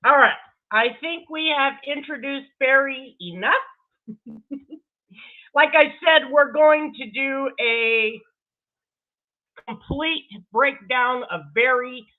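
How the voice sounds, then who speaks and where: Slow and high-pitched, this commentary host sounds tinny, as if on a phone. Reacting animatedly in her video, she curses without restraint and keeps breaking into laughs.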